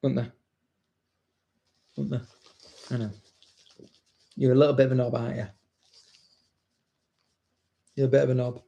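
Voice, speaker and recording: A man's voice: mid-range voice, flat delivery, racing, vocal fry, mellow, dull audio. A man, a dog trainer, chatting casually, blunt and swearing freely. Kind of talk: casual chat.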